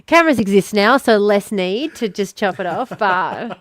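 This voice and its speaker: An Australian woman hosts a podcast, chatting casually and telling animated stories full of swearing and frequent laughter. Her voice is mid-range and her speed is normal.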